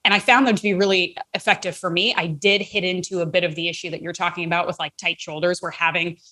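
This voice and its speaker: A woman's voice: on the low side, fairly even intonation, quick pace, pushed and bright. A woman co-hosting a fitness podcast, talking in a chatty, laid-back way full of "like" and "um". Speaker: podcast co-host. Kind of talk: casual podcast chat.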